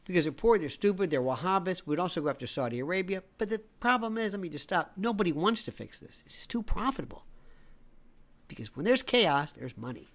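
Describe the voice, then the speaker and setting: A man's voice: high voice, very animated, a little fast, fairly bright tone. A man delivering a sarcastic, theatrical political commentary rant, rattling off long lists of names.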